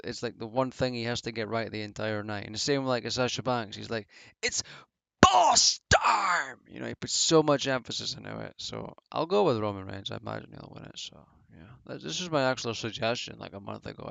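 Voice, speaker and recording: A man's voice: mid-range voice, creaky, fairly bright tone, clean tone, dry recording. A man giving casual solo commentary as a wrestling reviewer, rambling and offhand with many fillers. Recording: dull lo-fi home mic.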